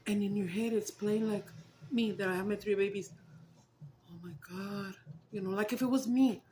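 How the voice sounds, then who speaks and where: A woman's voice: medium pitch, steady tone, brisk, darkish tone, a little hiss or hum. A woman chatting casually to her viewers as a vlogger, laughing often and mixing in Spanish. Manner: giggly, breaks into laughter, mixes Spanish into English. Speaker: mukbang vlogger.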